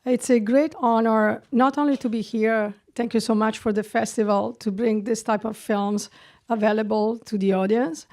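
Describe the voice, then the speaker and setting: A woman's voice: medium pitch, dark tone. A woman from Italy speaks English with a strong Italian accent. She is middle-aged and earnest, and she often restarts phrases as she answers questions at a festival. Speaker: film director.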